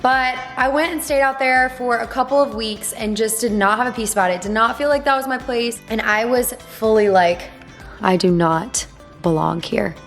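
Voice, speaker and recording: A woman's voice: on the high side, normal speed, few pauses, fairly bright tone, faint music behind. A woman in her twenties chatting casually to camera from her home, bubbly and playful, with asides to her viewers. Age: 20s. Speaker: vlogger. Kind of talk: casual vlog chat to camera. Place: home in Dallas, in a swing chair.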